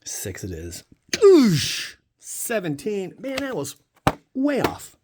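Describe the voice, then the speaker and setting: A man's voice: high voice, huge pitch swings, slow, noisy background. A man hosting a casual card-opening vlog, joking and talking straight to his viewers; he is a father of a young child. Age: adult father of a young child. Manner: playful, jokey, talks to viewers. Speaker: channel host opening card packs.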